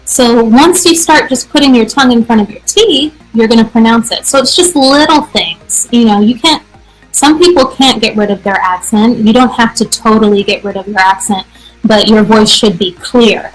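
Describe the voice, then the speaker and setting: An American woman hosting a live English practice show, answering viewer questions in an energetic, chatty way. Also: on the high side, moderate pace, faint music behind, rough recording. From United States. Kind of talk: casual live-stream teaching.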